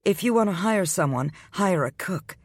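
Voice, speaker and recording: A man's voice: high voice, lively intonation, normal speed, creaky, breathy edge, dry recording, studio quality, pitched above the performer's own voice, full character voice. A male audiobook reader voicing a stubborn, indignant young pregnant woman who talks back sharply. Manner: sharp and defiant.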